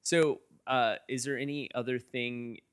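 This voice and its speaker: A man's voice: mid-range voice, fairly even intonation, a little slow, fairly bright tone, clear, resonant tone, dry recording, clean studio sound. A man hosting a casual interview, who hedges a lot with "like" and "sort of" and thinks aloud. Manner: hedging, full of "like" and "sort of", reflective. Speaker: interviewer host.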